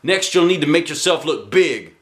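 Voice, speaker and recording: A man doing a booming, showy karate teacher. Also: expressive, moderate pace, close to an everyday voice. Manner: loud, booming, shouts battle cries. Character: showy male self-defense teacher, action-hero wannabe.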